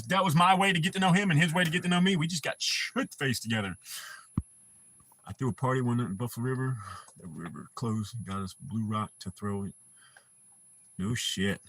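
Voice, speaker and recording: A man's voice: mid-range voice, a bit bright, a little hiss or hum. A man chatting casually on his livestream, telling rambling, profane stories. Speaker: livestream host.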